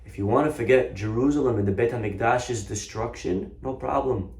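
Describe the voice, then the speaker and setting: A man tells a sermon story in an animated way, stumbling and restarting as he goes. His mid-pitched voice is full of roomy echo. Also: brisk, vocal fry. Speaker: Torah teacher. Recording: echoey room.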